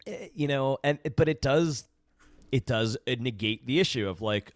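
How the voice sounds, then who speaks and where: A man's voice: mid-range voice, moderate pace, dry recording, studio quality. A man co-hosting a casual podcast, rambling through his opinions with many restarts and fillers. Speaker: podcast co-host. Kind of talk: casual chat.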